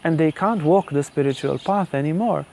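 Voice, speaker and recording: A goddess wife pleads and complains to her husband on behalf of humanity, as a man puts her on in a storytelling lecture. The voice sits a little high and stays mellow and warm. Her tone is fussing and imploring. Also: a little fast, gravelly, a little hiss or hum. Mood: pleading.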